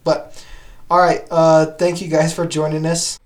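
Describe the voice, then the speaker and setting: A young man co-hosting a casual sports podcast, animated and slangy, talking in quick bursts. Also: on the high side. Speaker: podcast co-host.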